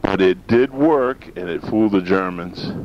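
Gravelly deep-voiced talk radio host. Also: male voice, lively intonation, normal speed. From northern Maine. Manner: folksy, rambling, opinionated. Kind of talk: rambling talk radio monologue. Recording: dull lo-fi sound with faint hiss.

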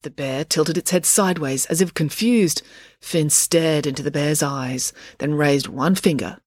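Casting: woman narrator for a kids' audiobook, expressive, dry close studio sound. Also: deep voice, a little slow, dry recording.

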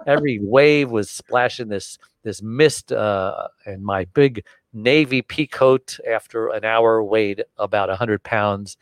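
An older American man, a guest on an interview show, telling a story in an animated way and acting out the voices of the people in it. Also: on the low side, slow pace, hardly any pauses, clear, resonant tone, no room sound. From United States. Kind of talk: storytelling in conversation.

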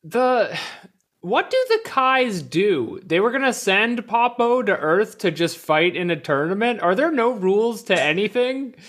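A man's voice: high voice, lively intonation, measured pace, fairly bright tone. A man co-hosting a podcast, chatting casually with joking, wry questions. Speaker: podcast co-host. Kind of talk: casual chat.

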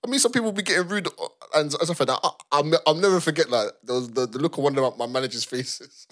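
A man's voice: a little high, fast talker, a bit bright. Laughing young man telling stories. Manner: laughs often while telling stories, repeats phrases for emphasis. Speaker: podcast co-host. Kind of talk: casual storytelling chat.

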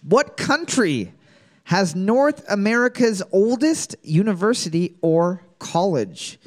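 A man's voice: high-pitched, big pitch swings, takes it slowly. A man hosting a comedic trivia podcast, reading each question twice and joking between them. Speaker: trivia host.

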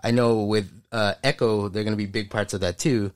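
A man co-hosts a laid-back pop-culture podcast, talking eagerly, wandering off topic and frequently laughing. His lowish voice is smooth and steady in tone, a little fast, captured with no echo and clean studio sound.

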